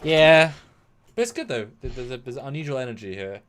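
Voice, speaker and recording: A British man co-hosting a casual episode review, animated, acting out quotes and swinging between loud and soft. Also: mid-range voice, fairly quick. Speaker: podcast co-host.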